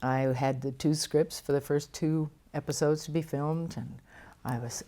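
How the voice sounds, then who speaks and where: An older actress telling lively stories in an interview, with frequent laughs and restarts. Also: female voice, deep voice, a little slow. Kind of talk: storytelling interview.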